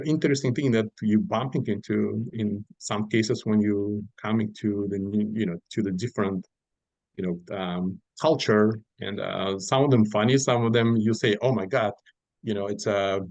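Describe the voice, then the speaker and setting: A middle-aged man from Uzbekistan with a Russian-speaking accent, a podcast guest telling lively stories in casual speech, acting out quoted voices with many fillers. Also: lowish voice, moderate pace, dry recording, poor audio. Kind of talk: casual storytelling interview.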